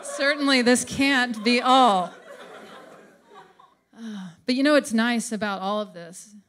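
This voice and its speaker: Slow, wry woman talking through laughter. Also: a little high, a bit bright, a faint crowd. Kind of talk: confessional monologue.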